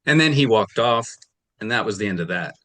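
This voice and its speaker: Low, bright-voiced man testifying in court. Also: animated, a little fast. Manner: rambling, retells arguments with quoted dialogue. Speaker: litigant testifying. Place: television courtroom.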